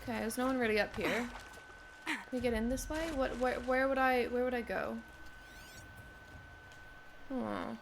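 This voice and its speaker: A woman streamer giving casual gameplay commentary, excitable and foul-mouthed, yelling at enemies on screen. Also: fairly high pitch, moderate pace, gravelly, long pauses, a little hiss or hum. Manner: excitable, swears a lot, yells at enemies. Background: game music.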